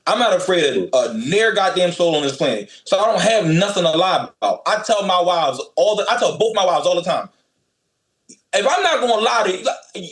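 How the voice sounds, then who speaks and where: Brief: cocky profane guy, high voice, roomy echo on the call, trash-talking boxer. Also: fairly bright tone. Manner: profane, blunt, emphatic. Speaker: boxer calling in as guest. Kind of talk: brash trash talk.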